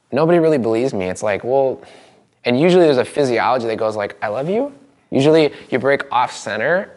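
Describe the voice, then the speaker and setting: A man teaching a live seminar, animated and demonstrative, acting out examples for the audience. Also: medium pitch. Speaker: seminar trainer.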